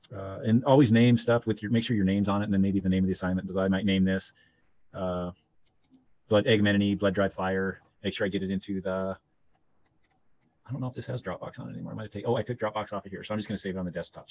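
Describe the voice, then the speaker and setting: Male teacher, low voice, quick and loose, thinking aloud while he clicks through steps. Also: darkish tone, a little hiss or hum. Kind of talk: screen-share software tutorial.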